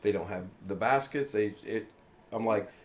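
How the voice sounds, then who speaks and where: A man's voice: fairly low pitch, moderate pace. A man from the United States hosting a casual live chat, telling a long rambling anecdote and acting out what people said. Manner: rambling anecdotes with acted-out quotes. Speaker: show host.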